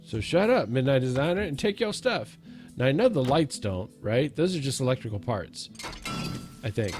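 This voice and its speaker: A man's voice: mid-range voice, very animated, moderate pace, music in the background. A man hosting a let's-play, giving jokey, self-mocking commentary as he talks to himself and the zombies in the game. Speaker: gaming let's-play host. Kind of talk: casual gameplay commentary.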